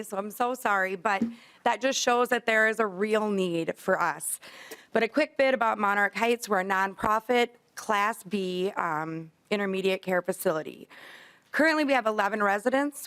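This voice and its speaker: A woman's voice: mid-range voice, a bit bright, clean tone. A woman, a facility administrator, gives earnest, apologetic testimony to a legislative committee.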